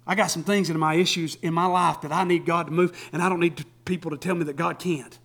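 A man preaching a sermon, folksy and laughing often, swinging from shouts to hushed tones and acting out quotes. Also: on the high side, steady tone, brisk.

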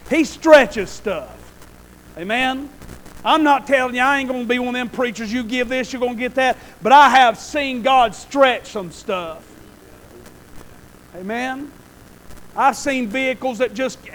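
Male preacher with a very high voice, folksy and animated, calls out for amens, shifts from murmur to shout. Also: rough recording. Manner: folksy, animated, keeps asking the congregation "Amen?"; swings between quiet asides and loud shouted bursts. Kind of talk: sermon.

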